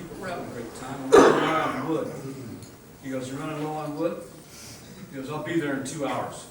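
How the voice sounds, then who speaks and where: A man's voice: mid-range voice, background noise. Man telling stories in an echoey hall. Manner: storytelling, laughs often, chokes up near the end. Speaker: friend giving a eulogy. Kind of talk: memorial speech with stories. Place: memorial hall. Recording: distant mic in echoey hall.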